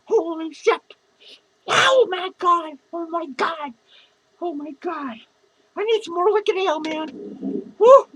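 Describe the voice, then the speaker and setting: Squeaky-voiced drunk clown, male, self-pitying and foul-mouthed, slurred comic rant. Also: slow, long pauses, pushed and bright, exaggerated voice, poor audio. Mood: drunk rambling. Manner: slurred, rambling, profane, giggling. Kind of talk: comedic character monologue.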